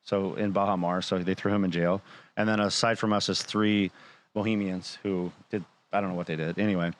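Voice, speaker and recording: A man's voice: low-pitched, brisk. A man casually telling a personal story, acting out the dialogue and swearing freely. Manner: animated retelling, acting out quoted dialogue.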